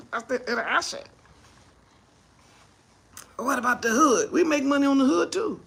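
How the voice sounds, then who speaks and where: A man delivering an impassioned commentary monologue, firing off mocking rhetorical questions and often shouting. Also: very high-pitched, lively intonation, measured pace, creaky. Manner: mocking rhetorical questions, acts out imagined speakers. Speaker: ministry speaker.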